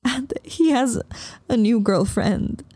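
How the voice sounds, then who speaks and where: A woman's voice: fairly high pitch, takes it slowly, warm tone, dry recording, studio quality, pitched above the performer's own voice. A woman narrator voicing a heartbroken young woman crying on the phone to her sister. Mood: tearful.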